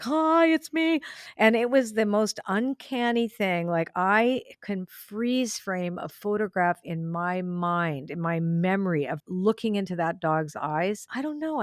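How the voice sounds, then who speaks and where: A woman hosting a podcast, chatting casually and telling a lively story, acting out the voices of the people in it. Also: medium pitch, no room sound, studio quality. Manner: animated storyteller, acts out quoted voices. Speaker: podcast host. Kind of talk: casual conversation.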